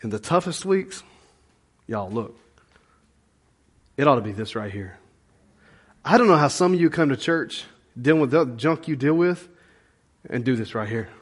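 A man's voice: medium pitch, expressive, normal speed, pauses often, husky. A middle-aged man preaching a conversational sermon as a pastor, folksy and plain-spoken, full of rhetorical questions.

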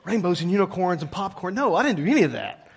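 A middle-aged man preaching a sermon as pastor, lively and calling on the congregation to answer back. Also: high-pitched, quick pace, vocal fry, husky. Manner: lively, calls congregation to respond.

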